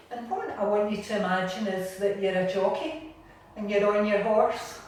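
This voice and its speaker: A Scottish woman gently leading a home exercise class from her bathroom, encouraging and patient. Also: medium pitch, moderate pace. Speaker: exercise instructor. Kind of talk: guided seated exercise class. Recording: echoey room, distant mic, faint noise.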